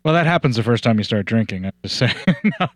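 A man's voice: medium pitch, expressive, fast talker. A man hosting a podcast in casual chat, joking and swearing, rambling about his audio gear. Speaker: podcast host.

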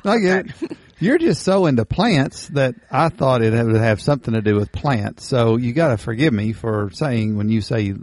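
A man co-hosting a casual podcast, speaking at a middle pitch and recorded dry and close. He banters with easy jokes and pokes fun at himself. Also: expressive, normal speed, a little mellow, no room sound. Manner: joking, self-deprecating banter. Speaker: podcast co-host. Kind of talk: casual chat.

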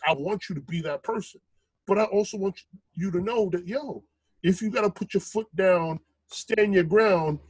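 A man's voice: on the high side, slightly rough, no echo, poor audio. A man, talking casually and swearing freely as he tells stories. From Brooklyn, New York. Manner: profane, animated storyteller. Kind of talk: casual chat.

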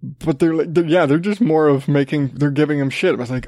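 A man's voice: a little high, a little fast, mellow, dry recording, studio quality. A man hosting a podcast, ranting sarcastically with plenty of swearing and rambling restarts. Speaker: podcast host. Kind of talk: casual ranting commentary.

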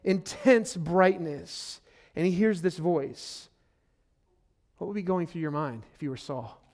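A pastor delivers his sermon in a notably high male voice. He is earnest and emphatic, leans on repeated phrases for weight, and keeps turning to the congregation as friends. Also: unhurried, darkish tone. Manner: addresses listeners directly as friend.

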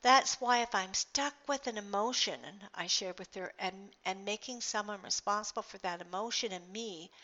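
A woman's voice: mid-range voice, fairly bright tone, lo-fi sound. A middle-aged woman hosting a motivational podcast, telling a personal story earnestly, with restarts and fillers. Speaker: podcast host.

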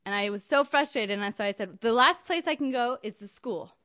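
A woman's voice: on the high side, a little fast, sharp tone, no room sound, studio quality. A woman telling a personal story in an emphatic, wry, indignant way. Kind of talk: personal story told to an audience.

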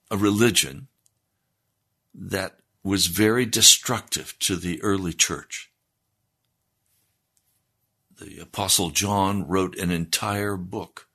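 A man preaching a sermon, explaining scripture in a deliberate, teaching manner. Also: low-pitched, bright, forceful tone, slightly rough.

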